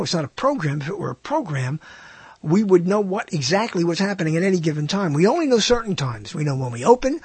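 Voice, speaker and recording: High husky-voiced rambling radio host. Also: male voice, no echo. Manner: digressive, self-mocking, puts on silly voices. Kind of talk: rambling solo radio talk.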